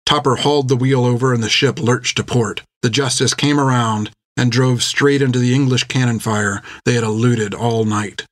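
A man reading an adventure novel aloud in measured, scripted narration on a close mic. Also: mid-range voice, steady tone, no room sound. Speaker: audiobook narrator.

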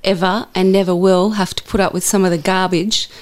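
A woman's voice: fairly low pitch, level tone, brisk. Candid middle-aged radio woman. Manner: candid, storytelling, dry humour. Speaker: radio presenter, guest. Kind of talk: casual interview chat.

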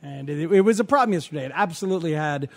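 A man co-hosting a casual sports talk chat, telling stories in an animated, laughing way. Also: on the high side, fast talker. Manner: animated storyteller, laughs often.

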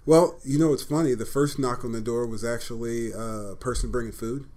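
A former pro football player telling stories in a casual interview, acting out what others said. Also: male voice, mid-range voice, a little fast. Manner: animated anecdotes, acts out quoted voices.

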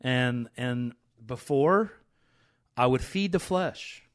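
A man's voice: mid-range voice, lively intonation, takes it slowly, smooth. A man hosting a rehab ministry podcast, talking in an earnest and emotional way with many restarts. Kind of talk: candid faith podcast chat.

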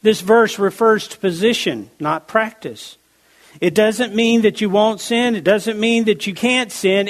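A man with a high voice preaches a sermon, slowing down to lean hard on key words. He reads scripture aloud in a measured, deliberate way. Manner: emphatic, slows down to stress key words. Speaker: pastor.

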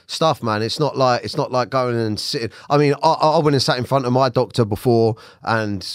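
A man hosting a podcast who speaks candidly and haltingly, often restarting his sentences. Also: medium pitch, no echo, clean studio sound. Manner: candid, hesitant restarts when speaking personally. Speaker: podcast host. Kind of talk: casual conversational interview.

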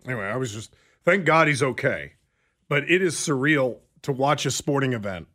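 A middle-aged man co-hosting a talk show, telling a story with stammered restarts and lively bursts. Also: medium pitch, moderate pace. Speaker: radio show co-host. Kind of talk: casual chat.

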